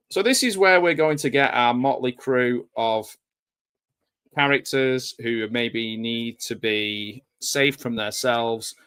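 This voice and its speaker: A man's voice: medium pitch, fairly bright tone. Man rambling over a film. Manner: rambling, conversational, nostalgic asides. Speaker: film commentator. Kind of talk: live watch-along commentary.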